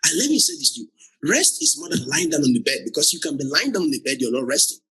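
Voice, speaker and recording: Laughing, lively preacher man with a husky voice. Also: fairly high pitch, fast, rough recording. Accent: Nigerian. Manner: laughs often, repeats phrases for emphasis. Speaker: pastor. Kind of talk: sermon.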